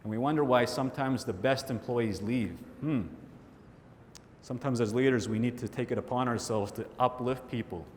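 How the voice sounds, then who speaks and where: A man giving a motivational keynote, telling a personal story and acting out his friends' voices. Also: normal speed. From Canada. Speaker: keynote speaker. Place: large hall with audience. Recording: hall reverb, faint rumble.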